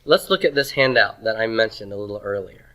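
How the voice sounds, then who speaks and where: A man teaching a Hebrew grammar lesson, asking questions and answering them himself, and sounding out words slowly. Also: lowish voice, pushed and bright. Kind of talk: classroom lecture.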